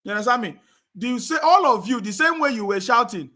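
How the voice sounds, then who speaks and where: Combative high-voiced man ranting. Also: expressive, fast, bright, forceful tone. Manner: combative, repeats phrases, asks "you understand me?". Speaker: political commentator. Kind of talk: heated live-stream rant.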